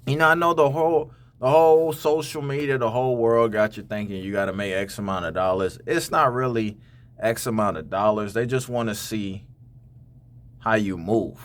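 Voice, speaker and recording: A man's voice: fairly low pitch, moderate pace. A man hosting a reaction channel, talking straight to other men about dating and money in a casual, preachy way, often repeating words. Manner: preachy, addresses "fellas" directly, repeats words. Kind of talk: casual commentary on clips.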